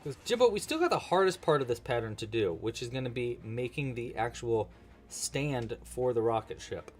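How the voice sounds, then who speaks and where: A man's voice: medium pitch, lively intonation, normal speed, soft background music. A man casually teaching a crochet-along on a livestream, chatty and playful, often chatting with his cat. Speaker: crochet instructor.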